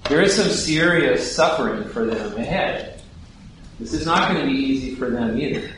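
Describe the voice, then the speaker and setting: A man giving sermon-style Bible teaching, putting questions to his listeners as he explains a passage. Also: mid-range voice. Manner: poses questions to the audience. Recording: very echoey hall, distant mic, background noise.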